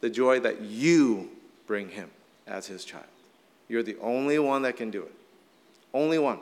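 A middle-aged man, a little hoarse from shouting, preaching a casual, conversational sermon full of "like" fillers. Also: medium pitch, lively intonation, a little slow. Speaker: pastor. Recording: long hall reverb.

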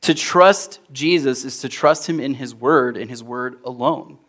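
A young adult man preaching a sermon as pastor, in a conversational storytelling manner that grows animated in anecdotes. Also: mid-range voice, a little slow.

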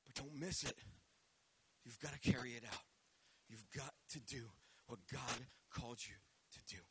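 A man preaching a live sermon, passionate, swinging between loud shouting and soft asides to the congregation. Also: mid-range voice, unhurried, very noisy. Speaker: pastor.

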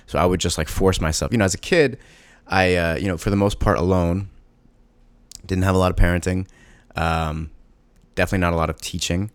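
Low-voiced father talking haltingly. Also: steady tone, dry recording. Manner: halting, emotional, frequent fillers and restarts. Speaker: parent of a young child. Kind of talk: personal monologue.

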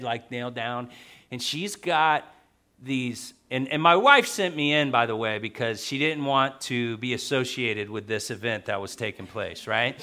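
A man preaching a sermon as pastor, emphatic, repeating key phrases and swinging from soft to loud. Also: medium pitch.

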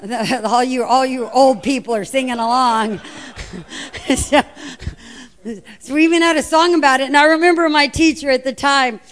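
A middle-aged woman preaching a sermon, telling the story with lively, acted-out voices. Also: high-pitched, normal speed.

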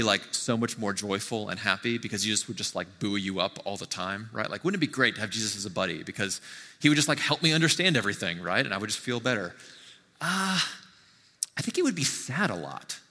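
A man preaching a sermon to his church in a conversational, animated way with frequent asides. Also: medium pitch, long reverb tail. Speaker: pastor. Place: church sanctuary.

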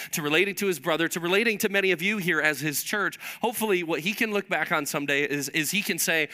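A man preaching a sermon to his congregation, telling a family story in a lively, animated way. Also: a little high, clean tone. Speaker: pastor.

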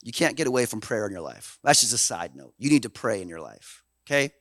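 A man from Canada preaching a sermon in an animated, folksy way, dropping low and then swelling loud. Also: fast talker, no echo. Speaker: pastor.

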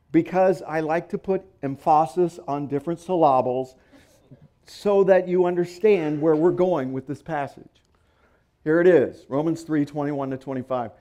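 A man preaching a teacherly sermon, unhurried and deliberate. His voice sits a little high for a man yet sounds dark and mellow. He reads scripture with heavy, emphatic stress and tosses in playful asides. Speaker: pastor.

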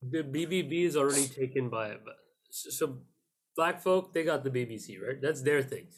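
A man's voice: mid-range voice, lively intonation, normal speed, slightly rough. A young man hosting a podcast, telling a rambling story with crude jokes in casual banter. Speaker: podcast host.

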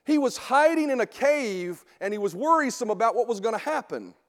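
A man teaching a sermon in a conversational way, often checking in with a quick "right?". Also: very high voice, very animated. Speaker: preacher teaching a Bible series. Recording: long hall reverb.

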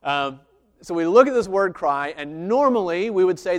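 A man's voice: high voice, lively intonation, normal speed, clear, resonant tone. A man giving a conversational sermon, teaching through a Bible passage and thinking aloud with many filler sounds.

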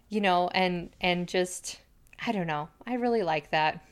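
A woman co-hosting a podcast, chatting casually and quoting characters in quick bursts. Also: on the low side, clean tone. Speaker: podcast co-host. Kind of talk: casual chat recapping a TV episode.

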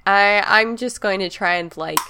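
A woman's voice: mid-range voice, moderate pace, background noise. A woman playing a tabletop role-playing game, chatty and giggly with lots of filler words. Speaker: player. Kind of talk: casual tabletop play.

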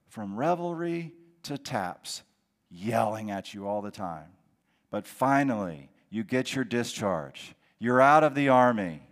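A man's voice: a little high, long reverb tail. A male pastor preaching a sermon, reading scripture and repeating key phrases for emphasis. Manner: deliberate preaching with emphatic repetition.

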